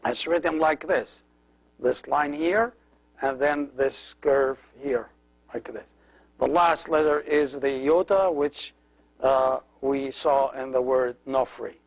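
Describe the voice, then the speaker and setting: Slow patient man teaching a language. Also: medium pitch, low-quality recording. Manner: patient, explains while writing letters. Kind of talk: slow step-by-step language lesson.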